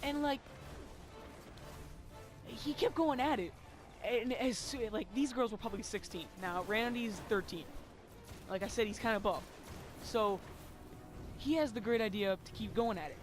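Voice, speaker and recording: A man's voice: high voice, a little slow, pauses often, music in the background. A young man telling a rambling, swear-filled story in casual chat, full of "like" fillers.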